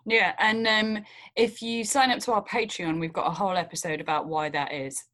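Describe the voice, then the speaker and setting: A woman's voice: mid-range voice, level tone, moderate pace, a bit bright. A woman co-hosting a satirical podcast, speaking in an arch, mock-earnest way. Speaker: podcast co-host. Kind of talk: dry satirical banter.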